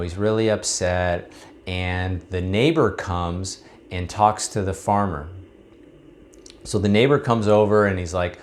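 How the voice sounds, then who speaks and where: A man's voice: low voice, a little hiss or hum. A man, a recovery coach, talking casually to camera and telling a story in a conversational way.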